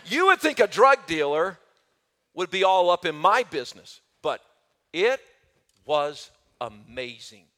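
A middle-aged man preaching a sermon as pastor, telling stories animatedly and swinging between loud and soft. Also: on the high side.

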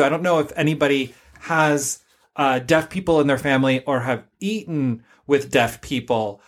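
A man talking casually on a podcast, wandering through stories with plenty of ums and likes. His voice sits at an ordinary middle pitch. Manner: chatty, rambling storyteller with many fillers. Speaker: podcast co-host.

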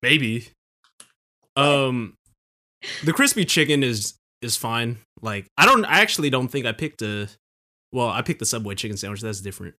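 Bright-voiced man, relaxed and easygoing. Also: mid-range voice, moderate pace. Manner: relaxed, filler-heavy. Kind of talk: casual chat.

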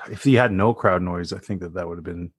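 A man's voice: deep voice, moderate pace, a crowd in the background. A man co-hosting a sports podcast in casual chat, eager and emphatic, running through his notes.

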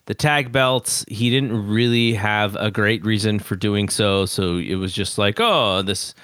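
A man's voice: lowish voice, steady tone, a little slow, a bit bright, no echo, studio quality. A man recapping an old wrestling episode on a podcast, hesitant and full of fillers. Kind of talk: casual episode review chat.

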